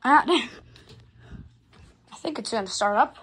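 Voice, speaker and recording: A woman filming a casual home vlog on her phone, rambling excitably and swearing constantly as she shows off her fans. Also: fairly high pitch, slow pace, slight background noise. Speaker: hobbyist vlogger showing her fans. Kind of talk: casual unscripted vlog commentary. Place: indoors at home. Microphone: phone camera held while filming.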